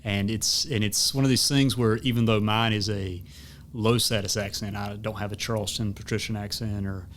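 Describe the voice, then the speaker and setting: A man's voice: lowish voice, fairly even intonation, moderate pace, a bit bright, slight background noise. A man with a Southern US accent hosting a podcast, talking in a rambling way with lots of fillers. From American South. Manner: discursive, many fillers and restarts. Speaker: podcast host. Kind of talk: casual conversation.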